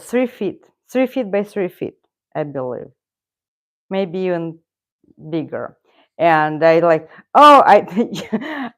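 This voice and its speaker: A woman's voice: medium pitch, darkish tone. A middle-aged woman from Russia, a native Russian speaker, hosting a casual live stream with rambling, self-correcting talk and frequent chuckles. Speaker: channel host.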